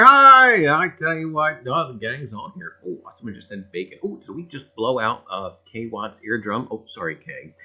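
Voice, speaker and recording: A man's voice: mid-range voice, highs cut off. A man hosting a casual livestream about coins and treasure, rambling and joking as he greets viewers one by one. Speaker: livestream host.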